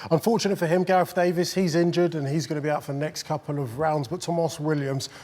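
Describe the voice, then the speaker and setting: A man presenting a sports studio show, leading the talk in a quick, jokey way. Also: a little high, fairly even intonation, darkish tone, long reverb tail. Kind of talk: casual sports chat.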